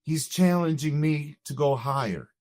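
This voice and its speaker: A man's voice: on the high side, unhurried, darkish tone, no echo. A middle-aged man earnestly telling a personal story in a conversation, reflective and full of "you know" fillers. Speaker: guest telling his marriage story.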